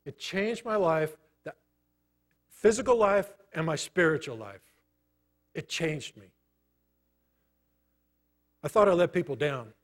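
A man's voice: fairly high pitch, big pitch swings. Man preaching a personal testimony sermon. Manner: storytelling, conversational, pausing often. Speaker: pastor.

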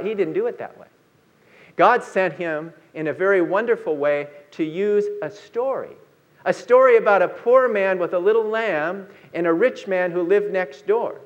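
High-voiced preacher man telling a story. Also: lo-fi sound. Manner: storytelling preacher, slow emphatic lines. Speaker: pastor. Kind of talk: sermon.

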